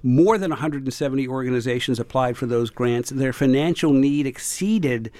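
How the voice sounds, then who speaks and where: A man on public radio explains how a fundraiser works, earnest and steady, with the odd "uh" along the way. His voice sits in the middle of the range. The studio sound is close and dry. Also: mid-range voice, normal speed, dry recording. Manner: earnest, explanatory, occasional fillers. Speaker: radio host. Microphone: studio microphone.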